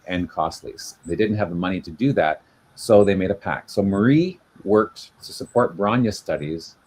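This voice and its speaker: A man's voice: deep voice, a little mellow, breathy edge. A man co-hosting a casual video-call chat, explaining at length with many fillers and restarts. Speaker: genealogy show co-host.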